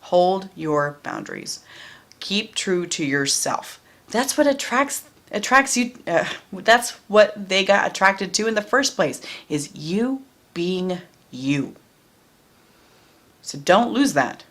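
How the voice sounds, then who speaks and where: A woman's voice: mid-range voice, animated, slow pace. A woman doing a casual tarot card reading, chatty and blunt, who often repeats her phrases and swears freely. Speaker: tarot reader.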